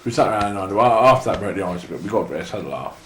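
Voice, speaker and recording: Deep-voiced English man telling rambling stories. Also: expressive, rapid-fire, a bit bright, slight background noise. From England. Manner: rambling anecdotes full of restarts and laughter. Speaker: interview guest, wrestler. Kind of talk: casual storytelling. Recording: echoey room.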